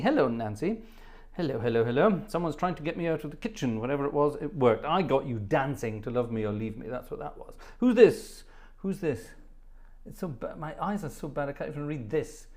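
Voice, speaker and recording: A man's voice: mid-range voice, a little mellow. A middle-aged man hosting a live music stream, jovially rambling and joking as he reads out viewers' names from the chat. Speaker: live stream host and organist. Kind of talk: chatty live stream banter. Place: home studio.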